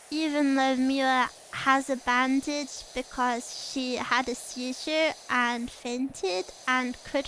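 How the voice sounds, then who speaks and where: A woman's voice: high voice, a bit bright, slight background noise, low-quality recording. A young woman streamer chatting casually while playing a game, giggly and reading chat aloud.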